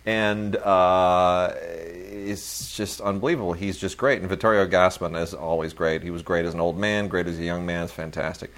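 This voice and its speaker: A man's voice: low voice, fairly even intonation, normal speed, few pauses, a bit bright. A man co-hosting a film podcast, chatting enthusiastically and rambling with many fillers about new releases.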